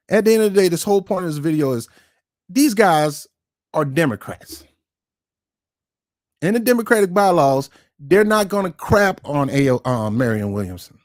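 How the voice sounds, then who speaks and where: A man's voice: fairly high pitch, no room sound, studio quality. A man hosting his own online show, giving ranting political commentary in an emphatic, confrontational way and repeating words for stress. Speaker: YouTube commentary host.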